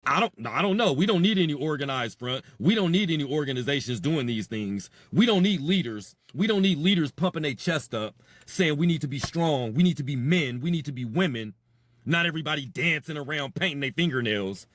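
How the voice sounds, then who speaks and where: A man's voice: a little high, a little fast, no echo. A man hosting a podcast, delivering an impassioned, sarcastic monologue. He repeats himself and speaks straight to his listeners. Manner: animated, swings between loud and quiet. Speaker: podcast host.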